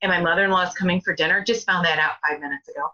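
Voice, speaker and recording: A middle-aged woman chatting in an animated way as a caller, sharing a story of thanks. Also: on the low side, very fast, muffled recording. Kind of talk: casual testimony.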